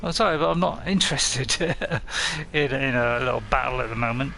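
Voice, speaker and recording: A man's voice: mid-range voice, moderate pace, gravelly, sharp tone, a little hiss or hum. A man chatting casually on a live game stream, playful and rambling, laughing often.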